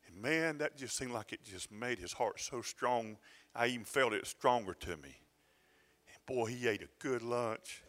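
An older man, preaching a sermon as a pastor in a conversational, storytelling way, often halting and restarting his sentences. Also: medium pitch, expressive, a bit bright. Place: church sanctuary. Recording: reverberant church hall.

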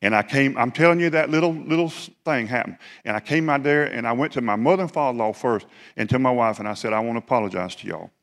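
A man's voice: mid-range voice, quick pace. Folksy preacher man, echoing hall. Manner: folksy, animated, laughs often, rambling. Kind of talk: sermon storytelling. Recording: long hall reverb.

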